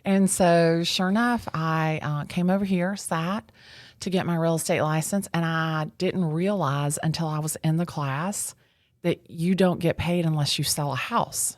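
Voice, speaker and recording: A bubbly, animated woman, her voice sitting low for a woman. She tells her story as a guest on an interview show and acts out the lines of the people in it. The sound is dry and close. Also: a little slow, no room sound. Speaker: real estate agent, guest. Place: real estate association office.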